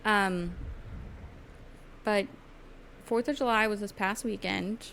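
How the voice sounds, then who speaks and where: A woman's voice: medium pitch, fairly even intonation, slow pace, creaky, fairly bright tone, slight background noise. A young adult woman co-hosting a podcast, chatting casually and laughing often. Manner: chatty, laughs often, slips into mock voices. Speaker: podcast co-host. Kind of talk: casual chat.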